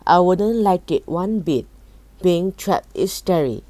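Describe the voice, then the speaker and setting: Anxious fairy girl, woman reader, low, slow, mellow, storybook. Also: lively intonation, no echo. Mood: reassuring. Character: frightened young fairy girl.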